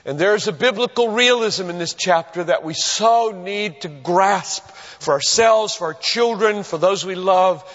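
A male pastor preaching a sermon in a church, earnest and emphatic, with dramatic pauses. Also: high voice, a bit bright. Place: church sanctuary. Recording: dull recording with long hall reverb.

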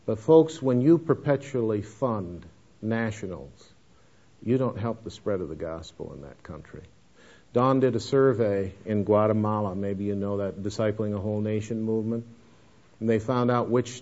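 A man's voice: lowish voice, moderate pace, dark tone. A man giving a missions lecture with anecdotes, folksy and emphatic, calling his listeners folks. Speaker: missions speaker. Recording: dull lo-fi lecture recording.

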